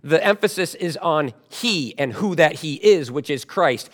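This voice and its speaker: A man preaching a sermon as pastor, emphatic, with loud stressed words and quieter asides. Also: mid-range voice, normal speed, hardly any pauses.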